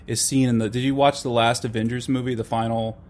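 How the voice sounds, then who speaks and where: Opinionated man talking fast in a casual chat. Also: mid-range voice, flat delivery, a little mellow. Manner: fast, opinionated, many restarts and fillers. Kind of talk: casual conversation about film and politics.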